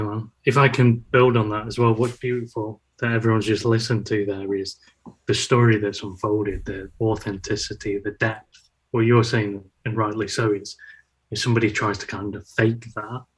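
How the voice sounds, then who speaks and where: A man on a podcast adding reflective, measured comments. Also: on the low side, little pitch movement, husky, rough recording. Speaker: podcast guest. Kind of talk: casual podcast chat.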